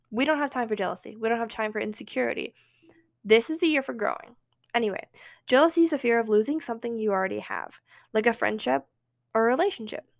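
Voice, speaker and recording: A woman's voice: on the high side, gravelly. Chatty young woman hosting a podcast. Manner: chatty, emphatic, self-encouraging. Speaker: podcast host. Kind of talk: casual solo podcast monologue.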